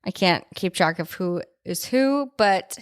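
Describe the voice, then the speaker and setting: A woman's voice: lowish voice, expressive, measured pace, clear, resonant tone. A woman co-hosting a podcast, recapping a horror film in a loose, jokey way and swearing freely. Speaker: podcast co-host.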